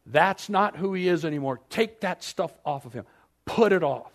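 A man's voice: a little high, animated, moderate pace, pitched above the performer's own voice. A male pastor voicing Jesus giving firm, emphatic commands in a raised voice. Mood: commanding. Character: commanding Jesus, adult man, urgent and kind.

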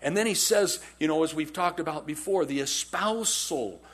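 A man preaching a sermon in a conversational, animated storytelling way, often repeating phrases for emphasis. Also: on the high side, moderate pace, husky. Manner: animated storytelling, acts out quotes in character. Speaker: pastor.

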